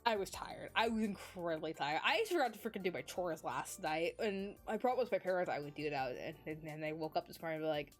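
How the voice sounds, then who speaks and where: A woman's voice: on the low side, lively intonation, fast talker, few pauses, soft background music. A young woman streamer chatting casually, rambling and giggly with lots of fillers, sleepy and yawning. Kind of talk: casual chat.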